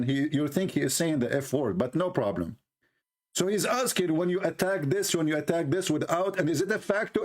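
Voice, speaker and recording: A man comments mockingly on a clip, needling and repeating his point in halting English. His voice sits a little higher than most men's. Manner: sarcastic, repetitive, in halting English.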